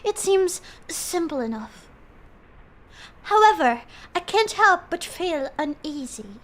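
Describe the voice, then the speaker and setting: A woman's voice: very high voice, big pitch swings, slow, fairly bright tone, exaggerated voice. A woman putting on a wary keeper with a shaky British accent. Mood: uneasy. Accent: put-on British. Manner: reads the game's lines aloud in a put-on voice. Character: uneasy new keeper, woman, wary of her job.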